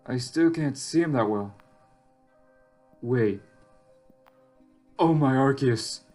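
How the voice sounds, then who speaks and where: A man's voice: medium pitch, expressive, slow pace, a little mellow. A man reading aloud as a lost, anxious young survivor in a text game, reflective and wry, with faint game music behind. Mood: alarmed. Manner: reflective, rises sharply when alarmed.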